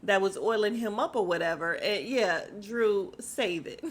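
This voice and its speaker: A woman's voice: mid-range voice, unhurried. A woman hosting a casual podcast recap of a reality show. She talks straight to her listeners, laughs often and speaks bluntly, with some swearing. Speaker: podcast host.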